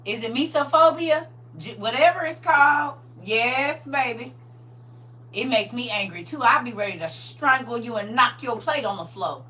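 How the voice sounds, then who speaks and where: A woman's voice: high voice, expressive, a little slow, pushed and bright. A middle-aged woman hosting a livestream, chatting casually and emphatically and laughing often. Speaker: livestream host. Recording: distant mic with faint hum.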